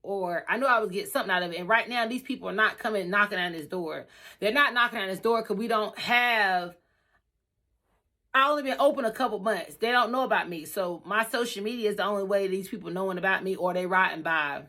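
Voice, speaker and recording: A woman telling her own story in a casual vlog, animated and emphatic, often repeating herself. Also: mid-range voice, a little fast. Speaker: storyteller vlogger.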